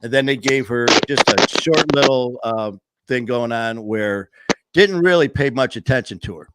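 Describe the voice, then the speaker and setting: A man's voice: medium pitch, moderate pace, heavy background noise. A man hosting a casual online talk show, talking loosely with many restarts. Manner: rambling, with many fillers and restarts. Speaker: host. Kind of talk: casual chat.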